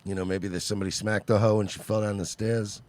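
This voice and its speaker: A man co-hosting a podcast, chatting casually and making crude jokes. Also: quick pace. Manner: crude joking, lively pitch. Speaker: podcast co-host. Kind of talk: casual chat.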